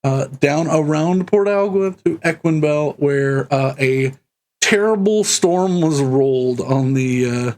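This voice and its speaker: A man running a tabletop game over voice chat, recapping slowly with many fillers and frequent laughs. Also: fairly high pitch, darkish tone. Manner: slow, halting with many fillers, laughs often. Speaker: game master.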